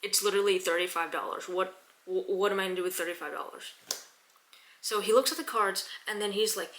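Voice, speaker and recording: A young woman telling a story in a casual vlog, chatty, with quick restarts and repeated words. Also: mid-range voice, fairly bright tone. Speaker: vlogger.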